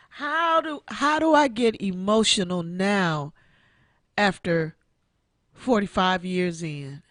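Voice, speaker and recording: A woman's voice: mid-range voice, lively intonation, slow pace, a bit bright, no room sound. A woman in her sixties hosting an online radio show, giving an emotional personal testimony and repeating her phrases like a preacher. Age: 60s. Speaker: internet radio show host.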